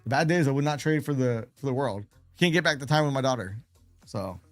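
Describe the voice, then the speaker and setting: A man's voice: medium pitch, fairly quick, no room sound, soft background music. A man telling stories casually on a live trading stream, chatty, laughing between anecdotes and repeating phrases for emphasis. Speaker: day trader and live streamer.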